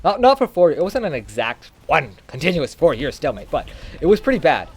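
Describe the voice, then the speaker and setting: Brief: young male gamer, animated, rambling explainer, slightly high voice. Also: brisk, breathy edge. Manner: rambling, animated, self-correcting. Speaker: gaming YouTuber. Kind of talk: casual history explainer over gameplay.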